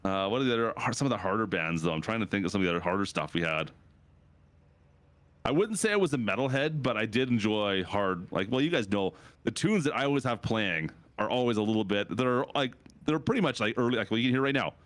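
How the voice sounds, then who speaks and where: A Canadian man streams and chats with his viewers in a rambling, lively way. His pitch swings widely, leaping up whenever he reacts to something. The sound is close and dry, with no room in it. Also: quick pace, dry recording. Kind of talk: casual chat with chat while gaming.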